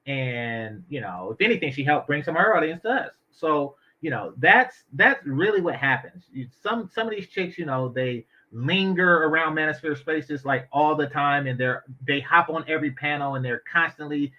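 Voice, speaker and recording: Guy ranting on his stream, blunt, cusses a lot, kinda high voice, muffled audio. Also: expressive, normal speed, hardly any pauses. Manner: blunt, opinionated, swears freely. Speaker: commentary channel host. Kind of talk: casual commentary on an interview. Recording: dull lo-fi audio.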